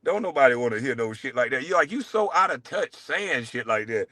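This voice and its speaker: A man's voice: animated, a little fast, dry recording, studio quality. Brash, profane man ranting. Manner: profane, taunting, swings from loud jabs to low mutters. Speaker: show host. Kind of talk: heated solo rant.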